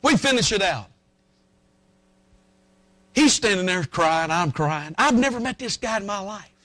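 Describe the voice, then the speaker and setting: Animated preacher telling a story. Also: male voice, sits high, unhurried, dry recording. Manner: folksy, emotional, breaks into song. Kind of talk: storytelling sermon.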